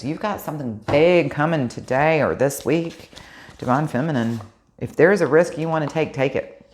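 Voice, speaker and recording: A woman giving a casual tarot card reading for her channel, chatty and excitable, swearing freely as she pulls cards. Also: low-pitched. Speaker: tarot reader.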